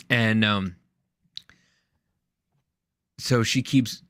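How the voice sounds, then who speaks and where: A man with a gravelly, creaky voice, recorded dry and close with no room sound. He co-hosts a casual podcast and tells a long story in a rambling way, with many restarts. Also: medium pitch, drawn-out words, no room sound. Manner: rambling, animated anecdote with restarts. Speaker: podcast co-host.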